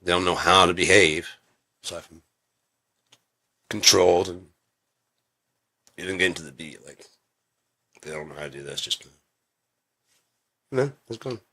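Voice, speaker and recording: Man, deep voice, bright timbre, rambling monologue, frequent coughing, swearing, acted-out quotes. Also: steady tone, moderate pace, creaky, pauses often. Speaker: video creator.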